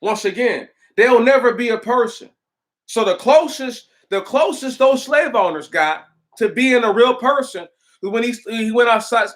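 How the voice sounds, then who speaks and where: A man's voice: very high voice, expressive, moderate pace, a bit bright. A man ranting on a casual livestream, emphatic and repetitive, with frequent restarts and rhetorical questions. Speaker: livestream host.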